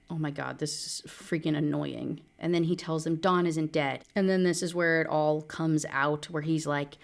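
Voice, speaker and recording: A woman ranting through a book recap, exasperated and sarcastic, breaking into laughs. Her voice sits a little low, and she talks fast and loose. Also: steady tone, vocal fry. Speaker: book reviewer. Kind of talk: casual rant book review.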